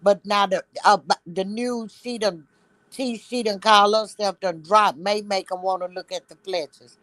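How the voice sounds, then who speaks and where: A woman's voice: mid-range voice, steady tone, normal speed, fairly bright tone, no room sound. A woman, a guest on a casual video-call chat, ranting in a blunt, sassy way.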